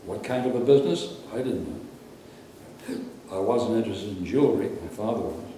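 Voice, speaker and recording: An older man from Brooklyn tells rambling stories of his working life in a mellow, relaxed voice. He sits back from the microphone in a very echoey room, and a faint hum lies underneath. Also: fairly low pitch, brisk, far from the mic. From Brooklyn, New York. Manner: rambling, anecdotal, conversational. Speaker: interviewee, former radio announcer. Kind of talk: reminiscing interview.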